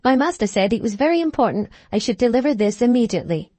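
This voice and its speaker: A humble male groom, as a woman reader voices him, polite and apologetic, pitched up and a little brisk as he addresses his betters. The sound is dry and close, with no room around it. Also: very animated, dark tone, no echo. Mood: deferential. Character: deferential male groom, a servant.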